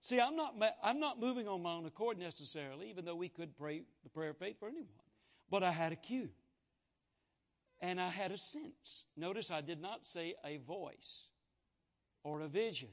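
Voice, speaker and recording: A man's voice: high voice, expressive, moderate pace. A man preaching a sermon, telling folksy testimony stories and acting out the dialogue. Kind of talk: sermon storytelling. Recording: dull lo-fi sound.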